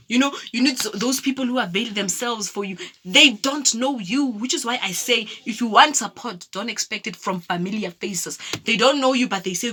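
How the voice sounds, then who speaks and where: A woman's voice: medium pitch, brisk, few pauses, bright, forceful tone. A South African woman telling personal stories in a casual vlog, reflective, with many fillers and restarts. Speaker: vlogger. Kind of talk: casual storytelling.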